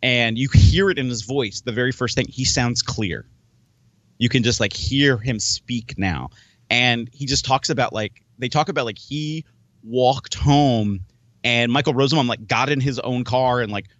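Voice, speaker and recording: A man chats casually on a podcast and rambles through his stories, often restarting and acting out his own thoughts. His voice sits at a middling pitch. The audio is dry and a bit dull. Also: unhurried, fairly bright tone, no room sound. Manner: rambling, many restarts and quoted self-talk. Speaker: podcast host; wrestler and promoter. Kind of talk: casual chat.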